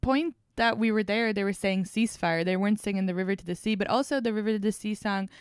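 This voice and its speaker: A young woman talks loosely as a podcast host, circling back and restarting her thoughts as she gets worked up. Her voice is smooth and resonant, recorded dry and close with no room sound. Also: mid-range voice, fast, dry recording. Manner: rambling, restarts often, animated. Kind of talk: casual chat.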